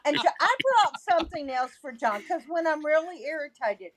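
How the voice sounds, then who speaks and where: A blunt woman with a Texan twang, cursing cheerfully and laughing through casual stream banter. Her voice is a touch high, with animated, swinging intonation. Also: normal speed, over a noisy crowd. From Texas. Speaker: chat moderator guest.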